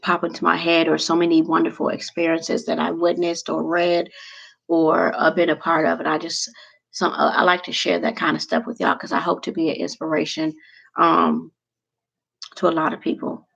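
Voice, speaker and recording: A woman's voice: low voice, completely flat delivery, normal speed, creaky, fairly bright tone, lo-fi sound. A woman vlogger chatting casually and emotionally to her viewers, rambling from one thing to the next.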